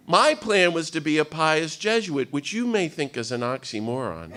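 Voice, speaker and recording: A man in his fifties giving a storytelling talk to an audience at a retreat day, animated and self-mocking with humor. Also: a little high, normal speed, hardly any pauses. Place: meeting room with live audience.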